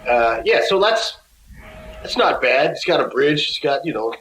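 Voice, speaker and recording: Man guest, lively storyteller, slightly high voice, quotes people with voices, roomy room sound. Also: normal speed, a little hiss or hum. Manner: animated, acts out other people's lines in his stories. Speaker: musician guest. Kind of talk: casual interview storytelling.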